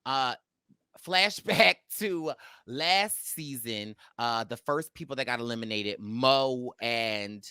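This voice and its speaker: A man's voice: mid-range voice, slow, pushed and bright, smooth, no echo. A man hosting a podcast, chatting casually and rambling, often stopping to search for names. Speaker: podcast host. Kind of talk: casual chat.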